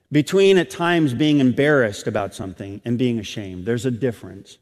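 A middle-aged man preaches a sermon in a reverberant church sanctuary. His voice sits at an ordinary pitch for a man. He climbs loud and high on key phrases, then sinks soft and slow. The long reverb of the hall trails behind every line. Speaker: pastor.

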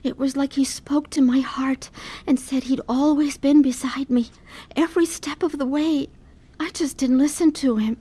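An actress playing a weary middle-aged wife worn down by pain, speaking earnestly and with feeling in a radio drama. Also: female voice, high-pitched, steady tone, normal speed, warm tone, lightly acted. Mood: tearful. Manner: earnest, emotional.

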